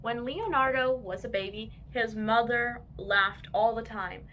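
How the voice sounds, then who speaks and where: A woman reading children's picture books aloud with an expressive, lively delivery. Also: on the high side, measured pace, a little hiss or hum. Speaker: children's book reader.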